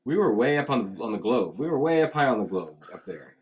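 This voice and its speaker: A man hosts a casual live show and tells rambling stories to a friend. He talks quickly and keeps moving from one thought to the next. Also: medium pitch, very animated. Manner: chatty, rambling storyteller. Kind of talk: casual chat.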